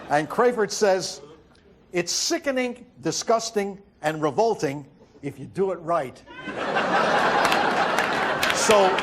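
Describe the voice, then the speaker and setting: A man delivering a wry stand-up monologue as host, telling stories and acting out quotes with halting fillers. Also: sits high, background noise. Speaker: comedian host. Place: TV studio with audience.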